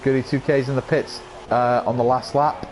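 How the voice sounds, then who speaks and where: A man with a croaky voice giving excitable live commentary on an online racing league, rising to yells at incidents. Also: medium pitch, moderate pace, slight background noise.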